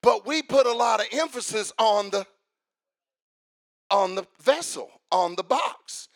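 A man preaching a sermon in a church, calling for amens and rising into shouted, sing-song lines. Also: high-pitched, animated, takes it slowly.

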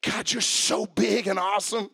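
A man preaching a sermon, swinging from quiet talk to shouting and chanting as he coaches the congregation. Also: high voice, fairly even intonation, moderate pace, creaky, slightly rough, no room sound, clean studio sound.

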